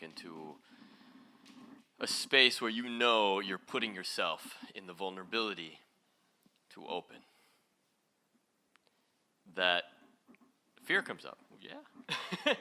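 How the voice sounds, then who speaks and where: Bright-voiced, playful male motivational speaker. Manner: playful and animated, with big jumps in pitch and loudness; addresses the audience directly with questions. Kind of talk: live inspirational stage talk.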